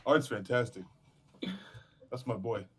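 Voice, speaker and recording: A man's voice: mid-range voice, measured pace, fairly bright tone, slightly rough. A man player joking around in casual chat.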